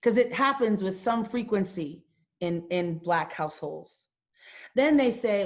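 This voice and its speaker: A woman's voice: mid-range voice, expressive, measured pace. Woman giving an impassioned talk, keeps repeating herself, kinda lo-fi audio. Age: middle-aged. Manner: emphatic, repeats phrases, rhetorical questions. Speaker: founder and host giving a talk. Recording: dull lo-fi sound.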